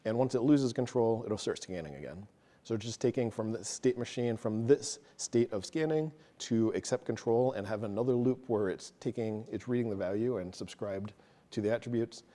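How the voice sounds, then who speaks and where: Man, tech talk presenter, mellow warm tone, casual step-by-step explanations, self-deprecating. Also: lowish voice, moderate pace. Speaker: meetup presenter. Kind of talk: live technical walkthrough of code.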